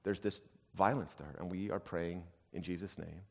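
A male pastor with a fairly low voice delivers a storytelling sermon. He pushes some passages out loud and emphatic, then drops to a hushed undertone. His voice carries a long reverb, as if recorded in a large church hall. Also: steady tone, normal speed, gravelly.

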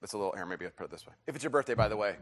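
A man's voice: lowish voice, lively intonation, rapid-fire. A middle-aged man preaching a sermon in a church service, telling stories with restarts and building to emphatic, rising questions. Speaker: pastor.

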